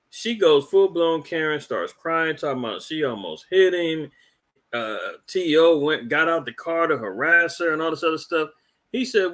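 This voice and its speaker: Indignant preaching man, fairly high voice. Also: fairly bright tone. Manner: indignant, preachy, rambling with repeats. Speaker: podcast host. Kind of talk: religious commentary podcast.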